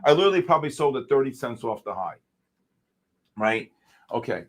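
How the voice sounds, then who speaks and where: A man hosting a live futures trading stream, giving excited, exclamatory market commentary and calling out viewers by name. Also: mid-range voice, fairly quick. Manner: animated, exclamatory, talks to chat by name. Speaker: livestream trading host.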